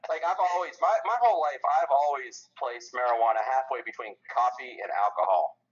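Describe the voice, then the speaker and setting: A man's voice: mid-range voice, a little fast. A man co-hosting a casual chat podcast, telling laid-back, jokey stories. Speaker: podcast co-host. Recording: dull lo-fi recording.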